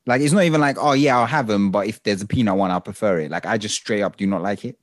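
Young man co-hosting a podcast, low voice, quick, jokey chat. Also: dry recording, studio quality. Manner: chatty, jokey, animated storyteller. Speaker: podcast co-host. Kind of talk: casual chat.

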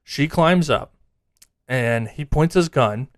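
A man's voice: mid-range voice, takes it slowly, no room sound. A man chats casually and tells a story with animation, slipping into the voices of the people he describes. He sits close to the mic in a dry space, with a mid-range voice. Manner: animated storyteller acting out quotes. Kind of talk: casual chat.

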